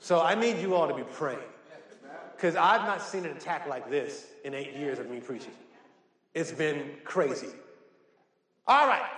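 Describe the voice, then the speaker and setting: A male pastor preaching a sermon, reading scripture slowly and with rising emphasis and telling the congregation which words to underline. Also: fairly high pitch, a bit bright. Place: church sanctuary. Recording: echoey church hall.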